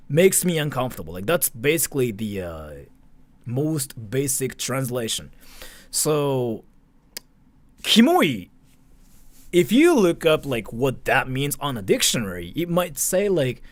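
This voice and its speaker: A young man from Japan, chatting casually on a livestream, animated and swearing, stopping to thank donors. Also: fairly high pitch, dry recording. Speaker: streamer.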